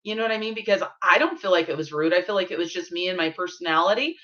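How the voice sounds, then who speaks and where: A woman co-hosting a casual live-stream chat, talking quickly and bluntly and often asking "you know what I mean?". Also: on the low side, fairly bright tone, dull audio. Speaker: co-host of budgeting channel.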